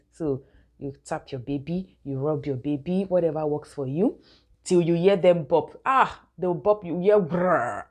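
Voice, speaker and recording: Young woman, lowish pitch, mellow tone, chatty vlog tips to viewers. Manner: chatty, keeps addressing viewers as guys, laughs often. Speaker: mother giving baby-care tips. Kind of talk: casual instructional vlog.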